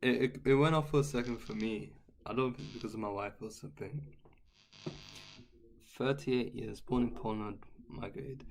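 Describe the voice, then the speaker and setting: A man's voice: mid-range voice, moderate pace, vocal fry, long pauses, a little hiss or hum. A man chatting casually with viewers on a live guitar stream and reading their comments aloud.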